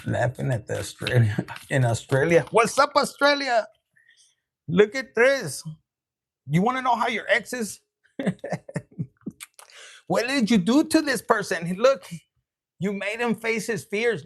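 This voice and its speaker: Gravelly, slangy male tarot reader. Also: high voice, lively intonation, a little slow, long pauses, fairly bright tone. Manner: loose, profane and laughing, with Spanish slang asides. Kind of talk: casual tarot reading.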